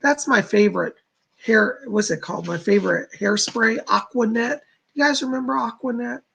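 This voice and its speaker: Male livestream host, rough gravelly voice, breathy edge, chatty and rambling, reads chat aloud. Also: extremely high pitch, moderate pace, pushed and bright. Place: home studio.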